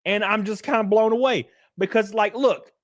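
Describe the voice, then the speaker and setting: A middle-aged man, hosting a casual livestream, joking loudly and reading out chat messages. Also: sits high, steady tone, moderate pace, no echo, studio quality. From Alabama. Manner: loud, joking, reads chat. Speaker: streamer host. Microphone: headset.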